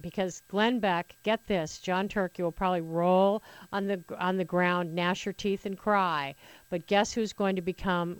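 A woman's voice: fairly low pitch, smooth, no room sound. A woman hosting a political talk radio show, sarcastic and opinionated, rambling with frequent restarts into a studio microphone.

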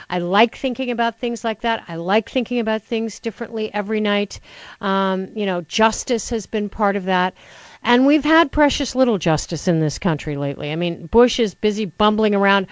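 A middle-aged woman talk radio host with a fairly high voice, ranting with wry sarcasm into a studio microphone. Her sound is close and dry. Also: no echo, poor audio. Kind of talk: opinionated talk radio rant.

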